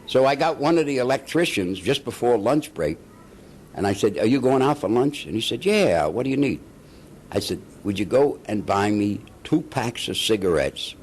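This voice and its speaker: Older man, lively chuckling storyteller. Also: mid-range voice, normal speed, slight background noise. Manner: animated, chuckling storyteller who acts out the people he quotes. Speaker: veteran actor being interviewed. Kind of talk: anecdotal storytelling.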